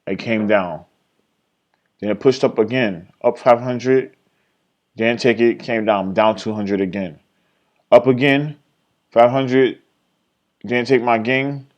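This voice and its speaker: A man's voice: slow, pauses often, lo-fi sound. Rambling young man recapping his trades. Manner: rambling, self-critical, swears freely, trails off and restarts; quotes his own thoughts in an excited, higher voice. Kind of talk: casual screen-share trade recap.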